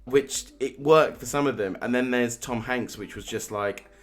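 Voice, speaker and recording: A man's voice: mid-range voice, moderate pace. A man co-hosting a casual film podcast, talking in opinionated bursts with frequent restarts. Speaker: podcast co-host. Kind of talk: casual film review chat.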